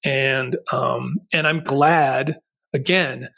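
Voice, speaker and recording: A man's voice: mid-range voice, fairly even intonation, very slow, creaky, pushed and bright. A middle-aged man hosting a podcast interview, telling a personal story in an earnest, rambling way with many restarts. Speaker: podcast host.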